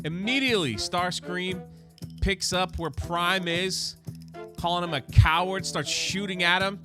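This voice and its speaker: A man hosting a comic book channel, recapping an issue in a chatty, excited way and often restarting his words. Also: high voice, a little slow, over music.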